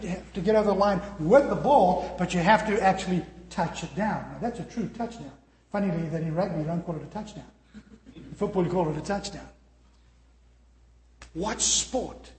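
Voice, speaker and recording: A higher-voiced man preaching a sermon and often turning questions back to his congregation. His voice rings through a large echoey hall with a long tail of reverb. He keeps it animated, stretching some words out slowly for weight. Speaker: pastor.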